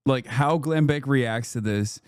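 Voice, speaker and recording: A man streaming reaction commentary, profane, animated and mocking. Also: medium pitch, unhurried, smooth, no room sound, studio quality.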